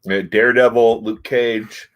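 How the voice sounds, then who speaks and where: A man's voice: mid-range voice, fairly even intonation, unhurried. A man reviewing comic books in casual chat, retelling scenes and acting out the characters' lines.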